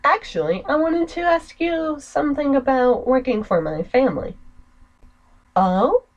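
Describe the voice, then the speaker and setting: An earnest, inquisitive young man, as a woman reads him, asking polite questions. The voice stays fairly high and is lively in pitch. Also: measured pace, lo-fi sound. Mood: concerned.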